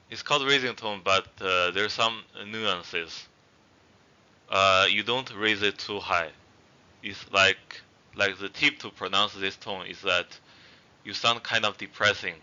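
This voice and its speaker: A man's voice: low-pitched, sharp tone, lo-fi sound. A man giving a casual spoken language lesson, hesitant with many fillers and restarts. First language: not Zhuang. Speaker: language teacher.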